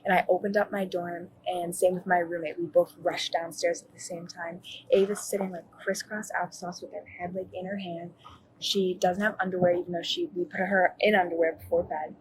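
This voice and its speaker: A young woman with a fairly low voice tells an officer what happened, circling back and correcting herself, leaning hard on "like". It is picked up by a police body camera indoors in a dorm. Faint noise sits under the voice. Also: level tone, brisk, rough recording. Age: young adult. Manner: rambling, fillers of "like", self-correcting. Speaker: witness talking to police. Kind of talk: recounting events to an officer.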